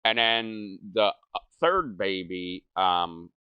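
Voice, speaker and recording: A man's voice: low-pitched, animated, slow, clear, resonant tone, no room sound, lo-fi sound. Profane rambling man telling a story. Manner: rambling, profane, laughing, mimics voices in quotes. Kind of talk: casual storytelling over gameplay.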